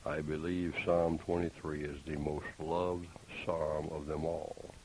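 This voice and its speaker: A man preaching a sermon, deliberate and emphatic, with pointed rhetorical questions. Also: a bass voice, flat delivery, a little mellow, poor audio. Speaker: pastor. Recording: faint hiss.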